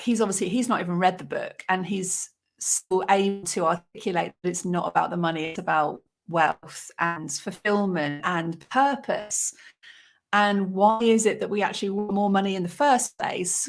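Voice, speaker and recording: A woman in her forties chats through a casual livestream. She greets her viewers by name and talks in an easy, emotional, unscripted way. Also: mid-range voice. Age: 40s. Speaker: author hosting a livestream.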